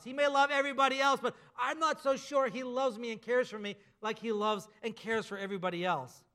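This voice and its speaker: A man preaching a sermon, emphatic, slowing down and dropping softer at the ends of key phrases. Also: very high-pitched. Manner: emphatic preaching with slow drawn-out endings. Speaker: pastor.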